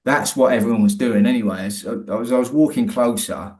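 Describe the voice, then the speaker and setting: A man's voice: mid-range voice, brisk, a little mellow. A man, a guest in an interview, telling a personal story in a rambling, colloquial way with many restarts.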